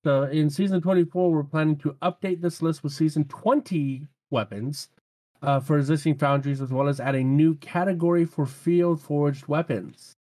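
A man's voice: fairly high pitch, steady tone, moderate pace, mellow. A man hosting a casual gaming podcast, easygoing, laughing often and stumbling over odd weapon names. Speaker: podcast host.

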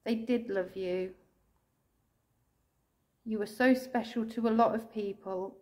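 An English woman ghost hunter calling out to spirits indoors, speaking slowly and tenderly, sometimes tearful, recorded on a handheld camera. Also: mid-range voice, steady tone. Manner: soft, pleading, slow and tender, calling out with endearments. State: tearful at times.

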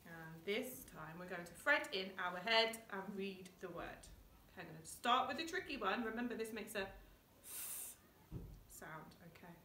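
A woman teaches phonics to small children, sounding out words in a clear, sing-song way. Her voice is bright and forward. She is recorded from a little way off in an echoey room at home, with faint ambience behind her. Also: mid-range voice, lively intonation, moderate pace, slight background noise. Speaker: primary school teacher. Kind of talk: phonics lesson for young children. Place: home, indoors. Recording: echoey room, mic at a distance.

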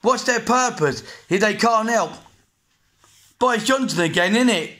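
A man's voice: sits high, lively intonation, measured pace, bright, forceful tone. An English man in his forties ranting angrily to camera, blunt and repetitive, swearing often. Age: 40s. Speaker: vlogger. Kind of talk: angry rant to camera.

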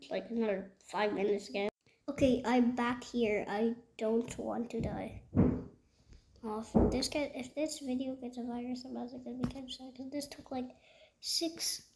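A woman giving casual gameplay commentary, excitable and easily frustrated, swinging between loud outbursts and whispers. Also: on the high side, gravelly, background noise. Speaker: gaming video creator.

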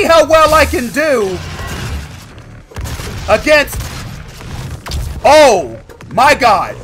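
A man giving excited gameplay commentary as a gaming channel host, with loud, animated exclamations. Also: very high voice, extremely slow, long pauses, over music.

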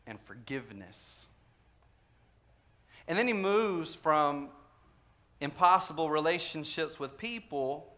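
A man's voice: sits high, pushed and bright. A man preaching a sermon to his congregation. He talks conversationally, repeats key phrases for emphasis and puts direct questions to the listeners. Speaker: pastor. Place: church sanctuary.

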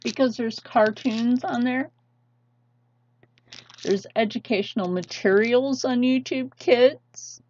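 Husky woman in an urgent slow rant. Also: a little high, darkish tone. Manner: urgent, pleading, emphatic. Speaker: channel host. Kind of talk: impassioned vlog rant. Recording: dull lo-fi sound.

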